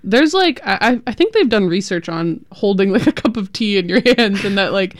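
A woman co-hosting a community radio show, with easy, chatty banter that keeps breaking into giggles. Her voice sits at a middle pitch. The studio sound is dry and close. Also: animated, moderate pace, no room sound. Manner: chatty, giggly, reads out phone number and donation link. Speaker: radio co-host. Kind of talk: casual on-air chat.

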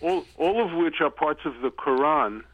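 A man's voice: a little high, animated. A man calling into a radio show, blunt and opinionated, speeding up when he argues. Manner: blunt, opinionated, talks fast when arguing. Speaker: caller. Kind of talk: call-in radio talk. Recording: tinny phone line.

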